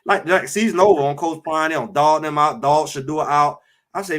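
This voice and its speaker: A man's voice: on the high side, moderate pace, fairly bright tone. A show host delivering heated, emphatic sports talk, repeating his points. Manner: fired-up, emphatic, repeats phrases.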